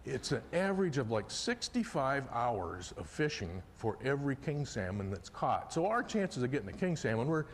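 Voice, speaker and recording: Animated folksy male storyteller in a hall. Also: medium pitch, moderate pace, few pauses, a little hiss or hum. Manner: animated, folksy, swings from hushed to loud excitement. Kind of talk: live storytelling performance. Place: festival stage in a hall. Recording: live hall recording with long reverb, faint ambience.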